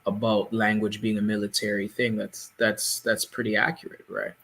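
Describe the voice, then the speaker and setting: A man co-hosting a casual panel discussion, speaking in a measured, explanatory way. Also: lowish voice, completely flat delivery, creaky, fairly bright tone, slight background noise. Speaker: podcast co-host.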